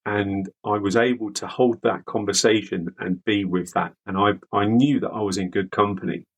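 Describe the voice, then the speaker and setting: A man from the UK, a veteran guest, speaking candidly in an interview with halting, repeated words. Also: fairly low pitch, steady tone, rough recording. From United Kingdom.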